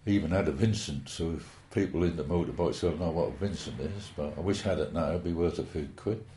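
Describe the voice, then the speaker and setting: A man's voice: a bass voice, fast talker, mellow, slight background noise. A man, reminiscing at length in a rambling, hesitant, folksy way. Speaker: interviewee. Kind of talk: oral history reminiscence. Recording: roomy echo.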